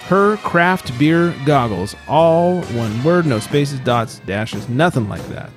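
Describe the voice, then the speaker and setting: A man's voice: on the high side, expressive, slow pace, music in the background. A man co-hosting a podcast in casual chat, joking and rambling and swearing now and then. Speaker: podcast co-host.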